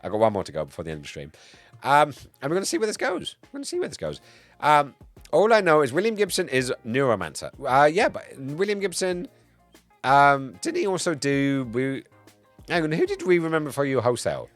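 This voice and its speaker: A man streaming live in casual chat, a bit tipsy, excitable and swearing, swinging between loud outbursts and low mumbles. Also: brisk, no echo, soft background music. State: tipsy from cider.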